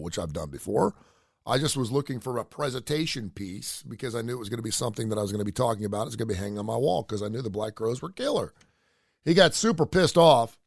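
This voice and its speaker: A man's voice: mid-range voice, creaky, no echo. Middle-aged male radio host, loose rambling storyteller, dry booth sound. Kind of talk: casual solo radio talk.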